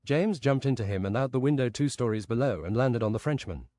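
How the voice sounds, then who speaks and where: A man's voice: medium pitch, lively intonation, brisk, warm tone, dry recording. A man streaming a game while improvising a rambling, absurd fantasy story.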